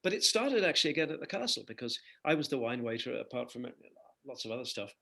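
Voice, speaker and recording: An older man, a singer-songwriter guest in an interview, telling lively anecdotes and laughing between phrases. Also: medium pitch, fast, gravelly. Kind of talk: conversational interview storytelling.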